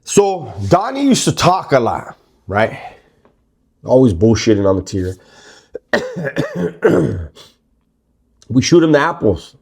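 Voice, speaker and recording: A man telling a story in a relaxed, rambling way, full of slang and swearing. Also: mid-range voice, slow, creaky, pauses often, slightly rough. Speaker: storyteller recounting prison life. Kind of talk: casual spoken storytelling.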